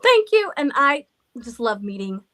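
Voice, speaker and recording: A woman's voice: sits high, big pitch swings, measured pace, bright, forceful tone. A middle-aged woman who owns a haunted house, rambling through stories in casual chat, laughing and swearing freely. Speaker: haunted villa owner.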